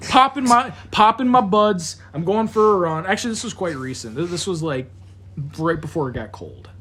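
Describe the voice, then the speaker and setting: A man's voice: high-pitched, moderate pace, husky. A young man casually telling a wild story to friends on a podcast, swearing often, stumbling over restarts and acting out sounds. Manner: animated, swears a lot, mimics sounds, many restarts. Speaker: podcast co-host.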